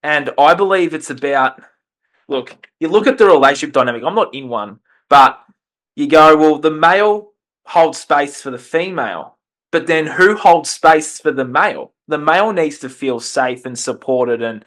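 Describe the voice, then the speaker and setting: Earnest man, slightly high voice. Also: animated, moderate pace, fairly bright tone. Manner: impassioned, repeats and restarts phrases. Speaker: podcast guest, life coach and author. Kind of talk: earnest conversational interview.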